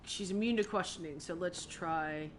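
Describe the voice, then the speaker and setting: A woman's voice: lowish voice, normal speed, slight background noise. A woman streamer giving casual let's-play commentary, chatty with mumbled asides.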